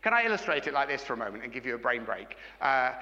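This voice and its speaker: Middle-aged man, sermon, bright voice, reverberant church hall, dull sound. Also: medium pitch, sing-song, fast talker. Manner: engaging, asks the congregation frequent questions. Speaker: pastor.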